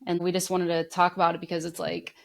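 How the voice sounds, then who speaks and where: A woman co-hosting a podcast, talking in a relaxed casual way full of "like.". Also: on the low side, quick pace, gravelly. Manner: relaxed, filler-heavy talk with lots of "like". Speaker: podcast co-host. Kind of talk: casual chat.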